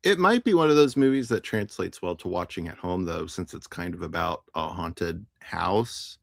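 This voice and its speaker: Woman guest, author, very deep for a woman, dry close sound, wry and laughing. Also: animated, gravelly, no room sound. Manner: wry, laughs often, quick asides. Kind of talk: casual chat.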